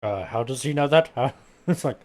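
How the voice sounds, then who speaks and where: A man live-streaming a video game at a mid-range pitch. He reacts casually, then reads the on-screen dialogue aloud, tripping over words and starting lines again as he goes. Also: expressive, normal speed. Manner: reads on-screen text aloud with stumbles and restarts.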